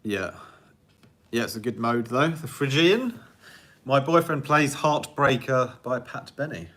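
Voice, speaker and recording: A man's voice: medium pitch, animated, a little slow, a bit bright. A man, a music producer, answering viewer questions in a casual, rambling livestream chat and laughing often at himself. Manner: rambling, chatty, laughs often, self-deprecating.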